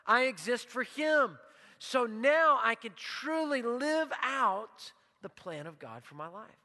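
Pastor, male, high bright voice, emphatic sermon delivery, church hall reverb. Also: lively intonation, takes it slowly. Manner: emphatic preaching, drops to a hushed low voice for prayer; leads call-and-response repetition.

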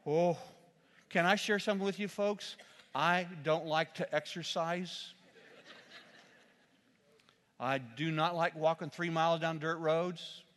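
Preacher guy telling a mission story, voice a bit high, goes loud then hushed, big hall echo. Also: slow, pauses often. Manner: animated storyteller, swings from loud exclamations to quiet solemn asides. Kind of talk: sermon storytelling.

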